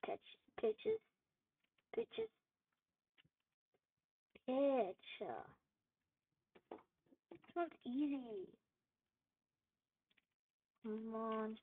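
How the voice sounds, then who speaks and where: A woman's voice: a little high, fairly even intonation, very slow, pauses often. Frustrated, swearing gamer woman, tinny audio. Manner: frustrated, swears and yells at the game. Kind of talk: gameplay commentary. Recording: tinny phone-like audio with faint noise.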